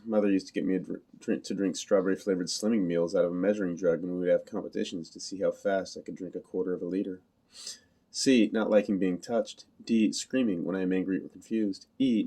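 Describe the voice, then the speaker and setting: Low, mellow male audiobook reader. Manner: flat, literal, measured delivery. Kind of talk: first-person novel reading.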